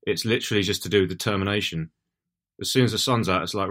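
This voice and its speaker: Deep-voiced podcast co-host. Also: male voice, fast talker, a bit bright. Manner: dry, wry humour. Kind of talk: casual chat.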